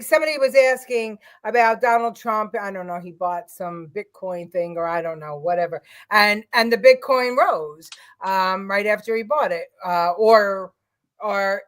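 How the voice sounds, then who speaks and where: On a casual political livestream, a middle-aged female co-host rambles through her opinions with plenty of fillers. She has a medium-pitched, slightly bright voice.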